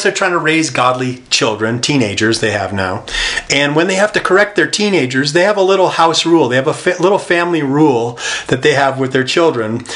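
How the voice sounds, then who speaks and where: A man's voice: medium pitch, pushed and bright. A man preaching a sermon in a conversational way, with rhetorical questions. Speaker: pastor.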